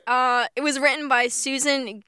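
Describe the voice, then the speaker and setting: A woman's voice: high voice, steady tone, moderate pace, sharp tone, smooth. A young woman co-hosting a podcast, chatting casually and giggling as she stumbles over names while reading film credits. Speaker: podcast co-host.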